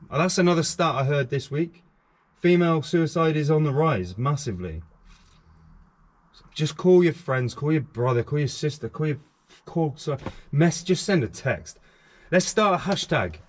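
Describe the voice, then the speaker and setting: Impassioned man, very lively pitch. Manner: earnest and impassioned, repeating phrases for emphasis. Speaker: YouTube channel host. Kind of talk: frank talking-to-camera vlog.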